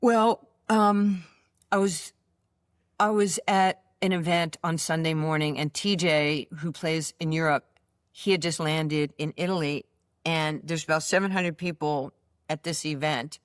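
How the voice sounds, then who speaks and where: Low-voiced older woman telling stories. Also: measured pace, clean tone, no room sound, studio quality. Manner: lively storyteller who acts out quoted dialogue. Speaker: interview guest, basketball coach. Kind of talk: storytelling interview.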